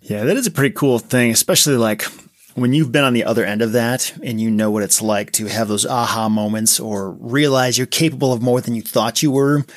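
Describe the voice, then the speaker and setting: A male podcast host asking questions in a relaxed, reflective way. He reacts to stories with open surprise. His voice has a medium pitch. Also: brisk. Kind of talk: casual interview.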